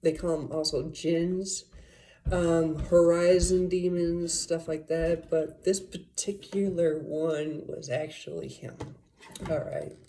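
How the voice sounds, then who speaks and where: A woman's voice: deep voice, steady tone, takes it slowly, warm tone. A woman telling a rambling personal story in a casual, profane way, full of fillers and asides. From Las Vegas area, USA.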